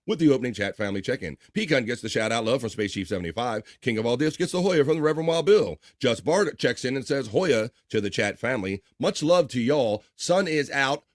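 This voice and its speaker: A man's voice: medium pitch, no echo, studio quality. A man hosting a casual live stream, reading viewer comments aloud and bantering with his chat. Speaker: livestream host reading chat. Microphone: studio microphone.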